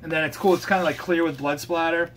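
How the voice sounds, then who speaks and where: A man's voice: a little high, fairly even intonation, fast talker, fairly bright tone, slight background noise. A man hosting a casual record review show, talking in a loose, rambling way and swearing casually. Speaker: host.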